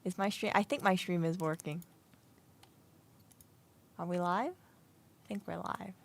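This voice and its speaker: A woman's voice: on the low side, fairly even intonation, a little slow, creaky, slight background noise. A young woman in playful, teasing livestream banter, often feigning confusion. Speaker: assistant at a repair shop.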